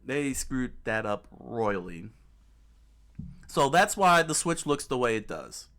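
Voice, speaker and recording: A man with a medium-pitched, fairly bright voice speaks slowly but with lots of animation. He hosts a gaming channel and chats casually while browsing clips, emphatic and repetitive, often restarting sentences and leaning on fillers.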